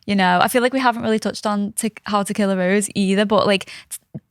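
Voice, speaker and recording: A woman's voice: medium pitch, steady tone, fast, clean tone, no room sound, studio quality. A woman hosting a podcast, talking enthusiastically in a casual chat. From Liverpool, England. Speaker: podcast host.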